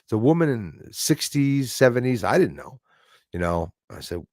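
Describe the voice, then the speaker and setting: A man's voice: medium pitch, very animated, moderate pace, a little mellow, no room sound, clean studio sound. A Canadian man telling rambling, digressive stories on a casual livestream, restarting his sentences and wandering off into asides. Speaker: livestream host.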